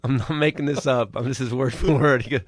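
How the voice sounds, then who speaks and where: A man, a comedian guest in a radio studio, telling a story with animated delivery and loud acted-out outbursts. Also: medium pitch, fast talker, dry recording.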